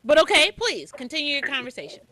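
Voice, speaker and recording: Animated high-voiced woman host. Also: quick pace, no echo. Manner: animated, interjecting, emphatic. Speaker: talk show host. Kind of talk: radio talk show conversation.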